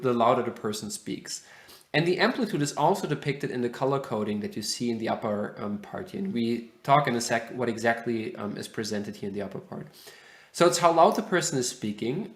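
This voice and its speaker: A man giving a university lecture, hesitant and full of fillers, posing questions to the class. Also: mid-range voice. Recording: roomy echo.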